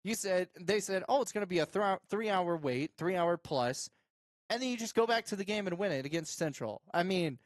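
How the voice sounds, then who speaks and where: This local sports show host speaks briskly, first calling high school football highlights with excited shouts, then asking a player casual, filler-laden interview questions. The sound is clean studio audio with no echo.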